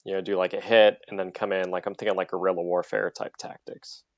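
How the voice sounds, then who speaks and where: A man's voice: low-pitched, little pitch movement, fast talker, no room sound, highs cut off. A man playing a tabletop game, talking through tactics in a rambling way full of fillers. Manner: rambling, loaded with "like". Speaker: player.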